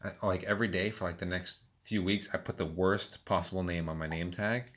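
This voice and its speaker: A man co-hosting a casual podcast chat, cracking jokes in quick banter. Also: sits low, steady tone, a bit bright. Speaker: podcast co-host. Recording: noisy background hiss.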